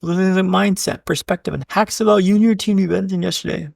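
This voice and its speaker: A man's voice: high voice, steady tone, fast talker, gravelly, a little mellow, no echo, studio quality. A man, a keynote speaker and podcast guest, telling a story with punchy repeated beats, often addressing the host by name and swearing casually. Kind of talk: dramatic storytelling.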